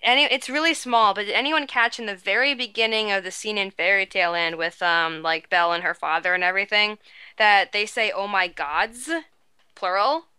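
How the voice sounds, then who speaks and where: A woman's voice: mid-range voice, a little fast, sharp tone, smooth, no echo. A woman co-hosting a podcast who chats about a TV episode in a curious, questioning way with plenty of um and like. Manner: curious, questioning, lots of fillers. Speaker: podcast co-host. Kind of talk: casual TV recap chat.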